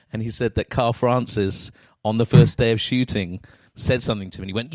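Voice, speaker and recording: A man's voice: lowish voice, steady tone, a little fast, hardly any pauses, dry recording, studio quality. A man hosting an interview podcast, chatting casually and telling rambling anecdotes. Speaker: podcast host.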